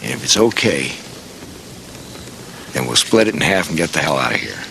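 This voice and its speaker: A gravelly, deep-voiced jaded border cop. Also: male voice, big pitch swings, moderate pace, background noise, heavily acted. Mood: scheming. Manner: dry, cynical, laid-back. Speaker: border patrol officer. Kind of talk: film drama acting.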